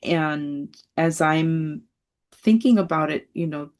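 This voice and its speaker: A woman in her sixties telling a personal story on a video call, animated and laughing often as she acts out voices. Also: low voice, slow pace. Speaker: study group member.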